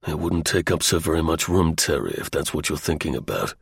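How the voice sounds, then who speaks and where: A man's voice: a bass voice, expressive, fairly quick, vocal fry, breathy edge, no room sound, studio quality, voice pushed down, heavily acted. A man voicing a stern male secret service agent who talks in clipped, threatening lines. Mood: explaining.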